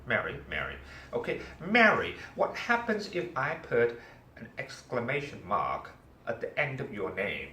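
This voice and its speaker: A man's voice: medium pitch, a little slow, slight background noise. A man teaching a class, telling a story and asking his students questions. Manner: animated, asks the class questions. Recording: echoey room, mic far off, faint ambience.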